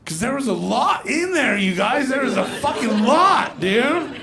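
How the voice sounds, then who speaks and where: Gravelly-voiced man doing profane stand-up. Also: extremely high pitch, very animated, measured pace, a crowd in the background. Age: 40s. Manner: loose, profane storytelling with exaggerated voices and shouts. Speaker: stand-up comedian. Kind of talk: stand-up comedy set. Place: underground comedy club stage.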